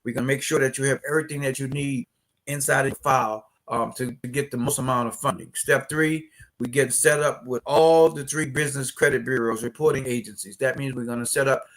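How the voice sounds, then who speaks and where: Hosting a casual business credit livestream, this New Orleans man talks directly with his viewers before getting into the steps. He has a New Orleans accent and a mid-range, a bit bright voice, keeping a steady tone and speaking a little fast.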